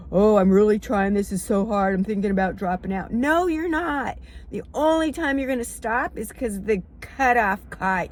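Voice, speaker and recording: A woman's voice: medium pitch, slight background noise. Upbeat woman coach giving running tips. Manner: upbeat and encouraging, with frequent ums and laughs. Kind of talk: casual advice talk to camera.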